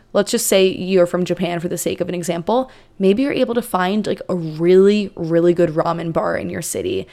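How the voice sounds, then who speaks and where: A young woman with a fairly low, slightly mellow voice hosts her own podcast, giving advice in a loose, chatty way. Easy asides and casual fillers fill the gaps, like she's talking to a friend.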